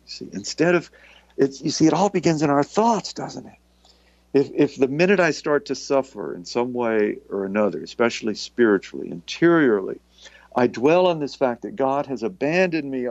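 A man's voice: mid-range voice, animated, moderate pace, creaky, darkish tone, dry recording, lo-fi sound. A man preaching a sermon in a reflective, searching way, often restarting his phrases.

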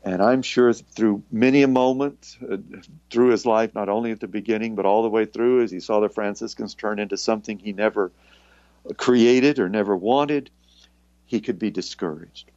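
A man's voice: fairly low pitch, moderate pace, darkish tone, no echo. A man delivers a sermon in a reflective, searching way, circling back and restarting his phrases as he goes. The recording is dry and slightly muffled. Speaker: preacher.

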